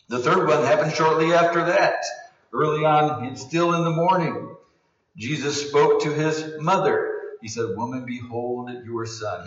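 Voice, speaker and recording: A man preaching a sermon as pastor, earnest, rising for emphasis and dropping to hushed low passages. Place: church sanctuary. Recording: roomy, distant, dull sound.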